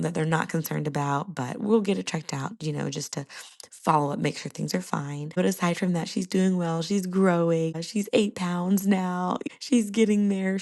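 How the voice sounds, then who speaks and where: A woman's voice: fairly low pitch, vocal fry, darkish tone. A young woman hosting a casual solo podcast, chatting to listeners and laughing often. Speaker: podcast host.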